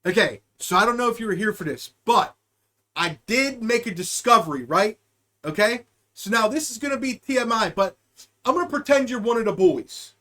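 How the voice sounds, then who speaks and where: A young man with a strikingly high-pitched voice, hosting a live stream and talking straight to his chat. He rambles and jokes, swears freely and hops from one word association to the next. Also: expressive, moderate pace, bright, forceful tone. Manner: rambling, joking, profane, riffing on word associations. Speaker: podcast host and streamer.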